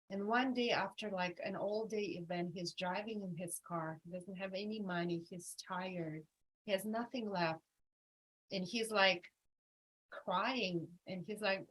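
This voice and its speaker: Bright, husky-voiced woman coaching a workshop. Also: mid-range voice, poor audio. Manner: emphatic and repetitive, animated storytelling. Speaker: retreat coach. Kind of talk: motivational workshop teaching.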